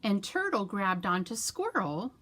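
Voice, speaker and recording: Animated woman leading a children's storytime. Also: mid-range voice, unhurried. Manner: animated, with sound effects and hand-motion rhymes. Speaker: children's librarian. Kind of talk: storytime reading and rhymes for children.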